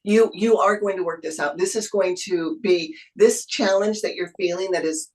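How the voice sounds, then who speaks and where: Soft-spoken woman giving a tarot reading. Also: fairly low pitch, moderate pace, rough recording. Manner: soothing, encouraging, spiritual phrasing. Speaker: tarot reader. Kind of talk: intuitive tarot reading in a video interview.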